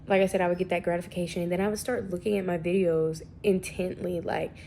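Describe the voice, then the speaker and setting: A woman's voice: fairly low pitch, little pitch movement, quick pace, dark tone, a little hiss or hum. Sniffly chatty young woman vlogger. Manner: chatty, rambling, slangy and self-deprecating. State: sniffly from allergies. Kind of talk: casual vlog chat.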